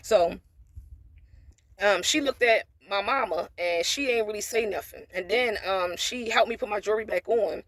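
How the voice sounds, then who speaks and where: A woman's voice: medium pitch, moderate pace, a bit bright, no echo. A woman vlogger telling a personal story in a casual monologue, blunt and profane, with preachy asides about faith.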